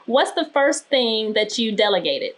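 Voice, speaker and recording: Brief: woman host in her 30s, slightly high voice, eager interviewer. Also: very animated. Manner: eager, full of quick reactions. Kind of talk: casual interview chat.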